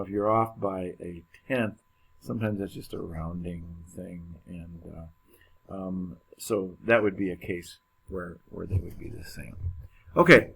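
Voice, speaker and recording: A man gives a chemistry lecture at an unhurried pace, his voice sitting on the low side. He talks casually, cracks small jokes and fills gaps with ums and uhs. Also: fairly bright tone. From United States. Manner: casual, joking, with many fillers and restarts. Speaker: chemistry teacher. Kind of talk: classroom lecture.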